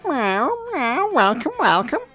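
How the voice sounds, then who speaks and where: A woman's voice: fairly high pitch, very animated, slow, fairly bright tone, soft background music, full character voice. Woman voicing a teasing magical wizard cat. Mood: welcoming. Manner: teasing, theatrical, with cat meows. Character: male magical cat, mysterious wizard bartender.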